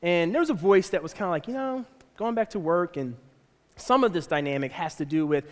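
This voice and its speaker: High-voiced pastor telling a story in a big hall. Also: male voice, a little fast. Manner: animated, acts out voices of his kids and wife. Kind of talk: sermon storytelling. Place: church auditorium.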